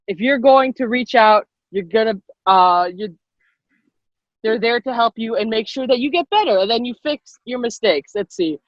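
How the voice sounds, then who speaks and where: A young woman with a high voice leads a live online class for girls, upbeat and encouraging, repeating herself and laughing often. She's on a computer mic over a video call, with dull lo-fi sound and no echo.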